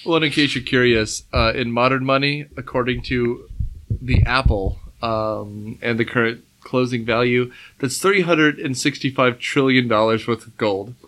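A man co-hosting a casual podcast, chatting about an old movie in an animated, jokey way and acting out bits of dialogue. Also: medium pitch, normal speed, slight background noise. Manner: animated, jokey, acts out quotes. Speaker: podcast co-host.

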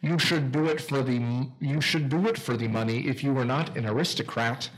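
A man's voice: medium pitch, brisk, rough recording. A man co-hosting a casual movie commentary podcast, ranting with profanity. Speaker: podcast co-host.

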